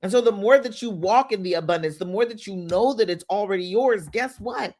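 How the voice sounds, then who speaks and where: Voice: mid-range voice, a little mellow. Host of an upbeat live affirmation session. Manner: leads slow repeated affirmations, greets chat viewers; informal, upbeat preaching with slang. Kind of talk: guided visualization and affirmations on a livestream.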